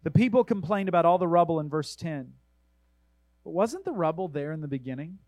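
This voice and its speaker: A man preaching a sermon in a fairly high voice, his delivery earnest and emphatic as he urges the listener on. He slows into a measured cadence when reading scripture. The sound is dry and close, with almost no room around it. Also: expressive, darkish tone, dry recording, low-quality recording. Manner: reads scripture aloud in a measured way. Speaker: pastor.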